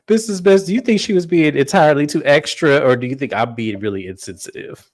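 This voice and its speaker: A man co-hosting a casual reality TV recap, telling the story with animated flair and acting out what people said. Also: fairly high pitch, quick pace. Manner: animated storytelling, acts out quotes. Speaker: co-host.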